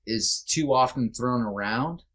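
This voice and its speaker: A man guests on a podcast in a candid conversation, earnest and halting, reflecting aloud with many restarts. His voice is medium-pitched with a fairly bright tone.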